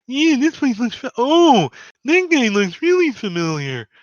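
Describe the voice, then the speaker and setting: A tiny female fairy creature speaks in a piercing, squeaky voice, slow and full of wonder, as a man puts her on. Her bright, lively tone leaps all over the place. It is recorded dry and close. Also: dry recording, dull audio, exaggerated voice. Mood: wondering, delighted.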